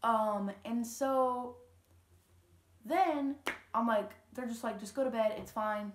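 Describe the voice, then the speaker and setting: A woman's voice: on the high side, unhurried, slight background noise. Teen girl, casual storytelling vlog, rambling with fillers, roomy echoey room. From Louisiana, USA. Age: teens. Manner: chatty, rambling, lots of fillers and quoted dialogue. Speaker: vlogger. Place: home room. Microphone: camera.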